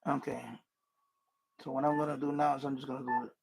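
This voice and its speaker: Male stream host, husky and gravelly, rambling and restarting sentences, salty asides. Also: mid-range voice, little pitch movement, quick pace, darkish tone. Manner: rambling, frustrated asides and mild swearing; repeats himself and restarts sentences. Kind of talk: casual live stream chat.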